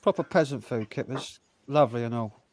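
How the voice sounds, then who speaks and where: A blunt, down-to-earth English man in a casual chat, speaking plainly at an ordinary pitch. He sounds matter-of-fact and unfussy. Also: a little fast, a crowd in the background. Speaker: music teacher.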